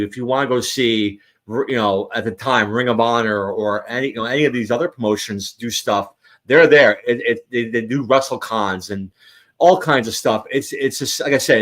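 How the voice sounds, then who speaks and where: A man's voice: medium pitch, fairly bright tone. A man hosting a casual show, talking in a rambling way with many restarts. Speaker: host. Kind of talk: casual chat.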